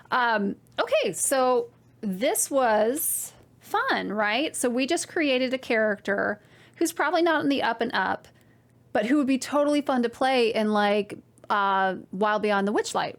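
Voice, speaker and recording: Chatty, excitable woman knitting host. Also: fairly high pitch, a little slow. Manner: chatty and excitable, full of "like" and "you guys". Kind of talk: casual chat to camera. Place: at home.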